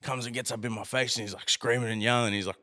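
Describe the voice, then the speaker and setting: Casual male guest, clear smooth tone, animated storyteller, swears freely. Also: mid-range voice, quick pace. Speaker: podcast guest.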